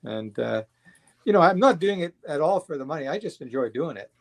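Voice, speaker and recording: A man's voice: a little high, expressive, fairly quick, creaky. A man chatting as a guest on a livestream, blunt and rambling, swearing freely. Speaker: guest watch collector. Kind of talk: casual livestream chat.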